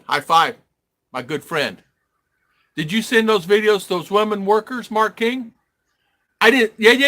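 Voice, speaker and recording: Middle-aged American man, livestream host; rambling chatter, somewhat high and very bright. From United States. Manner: rambling, reads viewer comments aloud. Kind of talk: casual live-stream chat.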